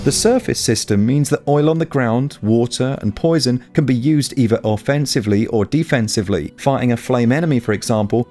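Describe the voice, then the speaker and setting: A man's voice: mid-range voice, darkish tone. A man in his thirties narrating a scripted game review with enthusiasm and wry asides.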